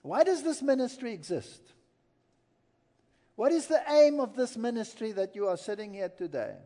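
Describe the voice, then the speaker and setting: A man's voice: high-pitched, big pitch swings, normal speed, warm tone. A man preaching a sermon to an audience, earnest and emphatic, telling stories between points. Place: large hall with an audience. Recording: long hall reverb.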